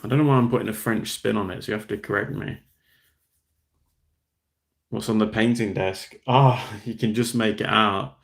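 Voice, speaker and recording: A young man with an Australian accent, hosting a relaxed livestream. His voice sits very low with a gravelly fry, and he chats loosely, reading out viewer comments and answering them. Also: normal speed, pauses often. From Western Australia. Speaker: livestream host. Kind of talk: casual livestream chat.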